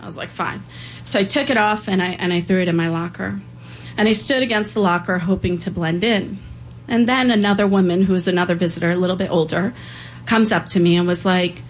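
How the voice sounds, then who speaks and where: A woman's voice: medium pitch, fairly quick, a little hiss or hum, poor audio. Woman telling a heartfelt true story. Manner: earnest, emotional, acts out quoted voices. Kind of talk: live personal storytelling.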